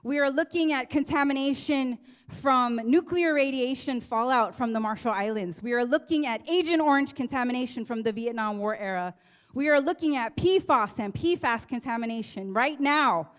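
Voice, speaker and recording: High-voiced woman giving an impassioned speech. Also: normal speed. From Guam. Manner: impassioned, earnest. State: emotional, near tears. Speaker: activist speaker. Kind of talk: rally speech. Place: teach-in event hall.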